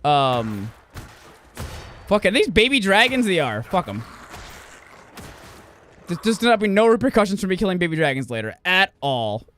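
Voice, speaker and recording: A man's voice: high-pitched, big pitch swings, moderate pace, pauses often, fairly bright tone, slight background noise. A man streaming a game, chatting casually and profanely with friends, rambling and correcting himself as he goes. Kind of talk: casual gaming stream chat.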